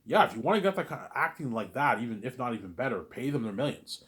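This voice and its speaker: A man rambling in a casual monologue, animated and repetitive, arguing with an imagined listener. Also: mid-range voice, quick pace. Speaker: vlogger.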